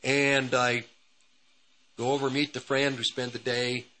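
A man's voice: medium pitch, level tone, a little slow, sharp tone, poor audio. A man hosting a radio ministry program, telling a personal testimony in a rambling, repetitive way. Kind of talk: testimony storytelling.

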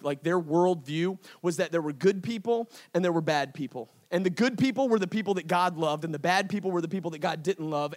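A man preaching on stage, his voice sitting a little higher than most men's. He tells the story with lively, playful impressions and talks to the crowd in easy slang, calling them y'all. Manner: casual slangy delivery, addresses the crowd as y'all. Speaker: pastor. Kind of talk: sermon. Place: event stage before a live audience.

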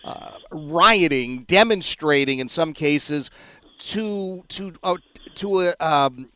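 High-voiced radio host, rambling. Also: male voice, expressive, slow, sharp tone, clean tone, dry recording. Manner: rambling, questioning, hesitant restarts. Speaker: radio talk show host. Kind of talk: radio talk show.

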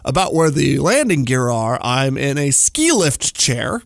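A man's voice: mid-range voice, very animated, unhurried, creaky, no room sound. A man in his forties telling a long story in a rambling, casual way, full of "like" and little chuckles, from a studio. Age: 40s.

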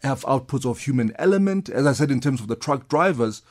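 A man's voice: medium pitch, expressive, a little fast. Enthusiastic man explaining. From South Africa. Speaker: guest expert. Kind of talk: conversational interview.

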